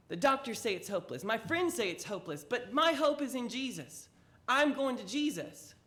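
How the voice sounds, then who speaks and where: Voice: medium pitch, measured pace, lightly acted. A church teacher voicing a desperate, sick woman who pleads insistently as she pushes through a crowd. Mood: pleading, determined.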